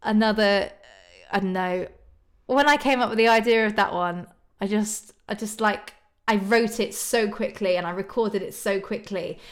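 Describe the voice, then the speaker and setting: A woman's voice: mid-range voice, normal speed. A young woman from just northwest of London with a southern English accent, chatting casually on a live stream and answering viewers' questions with lots of ums and little laughs. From England, northwest of London. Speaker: YouTube singer hosting a live stream. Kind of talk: casual live-stream chat reading comments.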